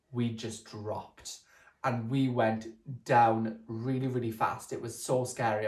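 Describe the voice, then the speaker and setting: A man's voice: mid-range voice, reverberant. Chatty young man telling stories. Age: young adult. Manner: animated, chatty, theatrical. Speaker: vlogger. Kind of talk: casual storytelling vlog.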